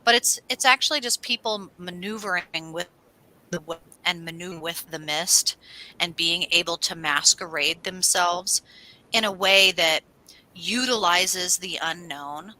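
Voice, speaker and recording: A woman co-hosting an astrology livestream, telling rambling stories in a casual, animated way and swearing now and then. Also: lowish voice, measured pace, poor audio. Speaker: astrology show co-host.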